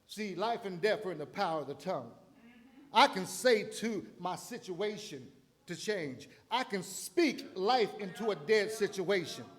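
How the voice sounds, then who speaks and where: A man's voice: sits high, expressive, a little slow, a bit bright. A man ministering in church, preaching a sermon with dramatic build-ups and acted-out voices. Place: church sanctuary.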